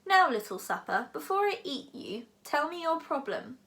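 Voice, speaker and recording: A woman's voice: sits high, very animated, normal speed, fairly bright tone, pitched above the performer's own voice, heavily acted. A woman voicing a huge cheerful male dragon, philosophical and menacing, with a genial, pompous manner.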